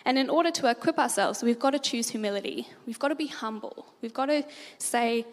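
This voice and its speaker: A woman speaks to a church congregation, her voice sitting a little high. She tells stories in an animated way and laughs easily. Her voice rings out in a hall with a long reverb. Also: brisk, few pauses. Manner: animated storyteller, laughs often.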